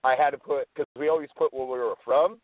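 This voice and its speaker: A man's voice: mid-range voice, steady tone, quick pace, no room sound. Laid-back man saying "dude" on tinny line. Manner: laid-back, swears casually, says "dude" a lot. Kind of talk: casual chat.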